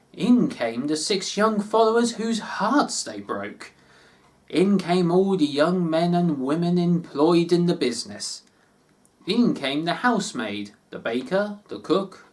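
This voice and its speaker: Unhurried, expressive male storyteller. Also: fairly high pitch. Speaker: reader. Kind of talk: storybook reading.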